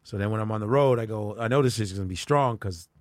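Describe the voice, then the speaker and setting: A man's voice: lowish voice, fast, no room sound. A man, a stand-up comedian chatting animatedly as a podcast guest, swearing and laughing as he tells stories. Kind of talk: casual chat.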